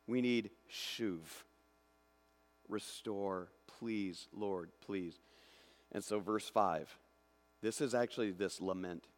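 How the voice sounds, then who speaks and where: A male pastor preaching a sermon, swinging from hushed, slow passages to loud, excited ones. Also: on the low side. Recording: long hall reverb.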